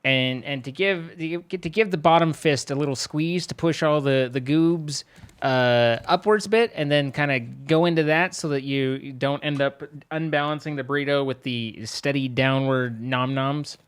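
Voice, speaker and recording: A man's voice: mid-range voice, moderate pace, smooth. A man streaming games and chatting casually with friends, laughing often and rambling through playful jokes. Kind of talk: casual gaming chat with friends.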